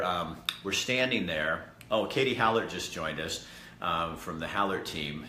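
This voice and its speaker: Deep-voiced man telling an earnest story. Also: pushed and bright. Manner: rambling, earnest, with restarts and asides to viewers. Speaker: host. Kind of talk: casual storytelling vlog. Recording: echoey room with faint background noise.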